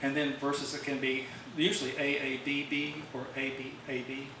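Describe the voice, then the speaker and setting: A man's voice: mid-range voice, completely flat delivery, moderate pace. A man giving an informal songwriting talk at a club meeting, rambling with fillers and restarts, recorded from a distance in a meeting room. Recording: very echoey room, distant mic, faint hiss.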